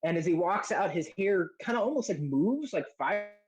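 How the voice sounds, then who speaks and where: A man's voice: high-pitched, lively intonation, normal speed, low-quality recording. Hesitant male game master. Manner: hesitant, many fillers and restarts. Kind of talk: narrating a tabletop game.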